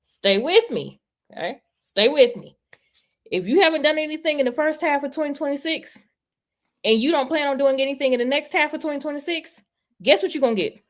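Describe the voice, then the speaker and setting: A woman's voice: high voice, lively intonation, a little fast. A woman guest on a video call giving a motivational talk, emphatic and repeating herself for effect. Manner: emphatic, repeats "okay?" and "stay with me". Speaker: guest speaker.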